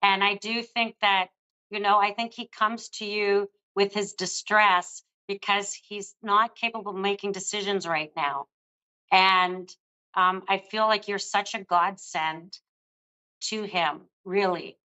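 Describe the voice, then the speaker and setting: Bright-voiced older woman giving a psychic reading. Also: mid-range voice, steady tone, measured pace, highs cut off. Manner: soothing, affectionate, calls the caller love. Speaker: psychic reader. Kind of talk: live psychic reading on air.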